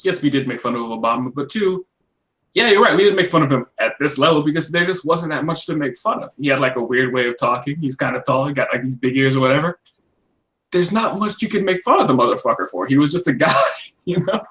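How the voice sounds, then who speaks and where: A man's voice: on the high side, fast, fairly bright tone. A man co-hosting a casual political podcast, talking bluntly with frequent swearing and laughing mid-sentence. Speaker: podcast co-host.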